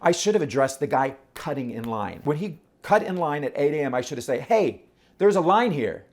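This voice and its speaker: A man talking casually to camera, animated and rhetorical, often throwing questions at his audience. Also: medium pitch, fairly quick. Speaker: vlogger.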